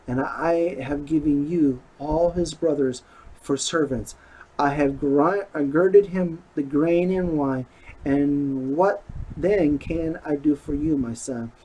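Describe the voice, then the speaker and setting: A man reading a long Bible passage aloud in a slow, deliberate way, with small slips and restarts. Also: on the high side, warm tone, breathy edge, rough recording. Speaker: scripture reader.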